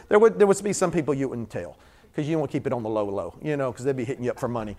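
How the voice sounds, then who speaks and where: A man's voice: high-pitched, quick pace. A man preaching a sermon in a church, chatting with the congregation and acting out little scenes, then building into fervent repetition. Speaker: pastor.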